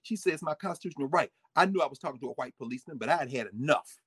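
Animated man lecturing on history. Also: racing, slightly rough, no room sound. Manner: animated, swings pitch and volume, folksy asides. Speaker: history teacher. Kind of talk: lively history lecture with read-aloud quotes.

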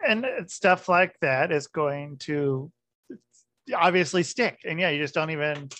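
A man hosting a podcast interview who speaks in a relaxed, halting way, with filler words and short agreements. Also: a little high, dry recording. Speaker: podcast host.

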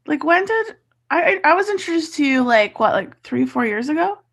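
A woman from Canada hosting a podcast over a video call, with a high voice. She is animated and chatty, laughing freely and often stopping to restart a sentence. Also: brisk, vocal fry. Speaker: podcast host. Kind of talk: casual interview chat.

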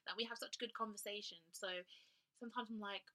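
A young woman co-hosting a podcast, talking casually and relaxed, filling her speech with many likes and small restarts. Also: mid-range voice, brisk. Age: young adult. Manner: relaxed, filler-heavy talk with many likes. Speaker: podcast co-host. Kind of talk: casual chat.

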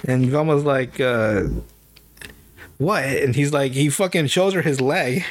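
A man's voice: mid-range voice, unhurried. A man co-hosting a podcast, casually recapping a show, rambling and swearing, acting out the characters' lines in mock voices. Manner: rambling, profane, acts out quotes in mock voices. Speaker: podcast co-host.

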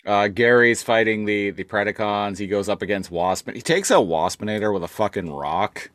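A man's voice: fairly low pitch, normal speed, fairly bright tone, no echo, clean studio sound. A man co-hosting a podcast, chatting casually about a comic and chiming in with quips and swearing. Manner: laid-back, chimes in with quips and swearing. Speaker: podcast co-host. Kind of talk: casual comic recap chat.

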